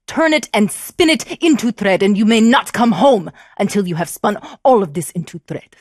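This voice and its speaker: A woman's voice: lively intonation, moderate pace, no room sound, studio quality, natural voice. A woman voicing a mean stepmother in a storybook tale, giving stern, cold orders. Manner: stern, commanding, lower voice.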